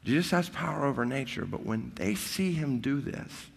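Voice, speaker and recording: A man's voice: medium pitch, moderate pace, gravelly, slight background noise. Man preaching in a reverberant hall. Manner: preaching with rising intensity, animated retelling. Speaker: pastor. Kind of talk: sermon.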